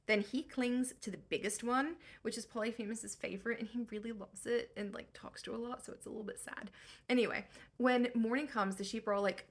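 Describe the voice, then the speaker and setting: A woman's voice: fairly high pitch, fairly even intonation, fairly quick. A young woman giving a comedic book recap in a breezy, slangy, irreverent way.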